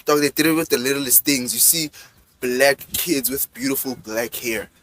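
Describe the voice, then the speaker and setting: A man's voice: medium pitch, normal speed, a bit bright, a little hiss or hum. A man co-hosting a casual chat, talking with passion, switching between English and Zulu and often checking that he is understood. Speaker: podcast co-host.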